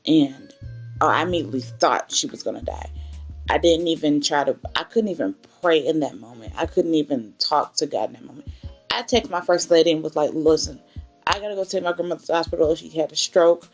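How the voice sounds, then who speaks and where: A woman's voice: low voice, fairly quick, soft background music. A woman in her twenties candidly telling an emotional personal story in a faith vlog. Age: 20s. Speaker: vlogger.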